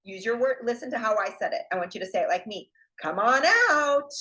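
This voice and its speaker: A woman's voice: medium pitch, rapid-fire. A woman speech therapist in a played session clip, modeling words to a child with exaggerated, sing-song intonation.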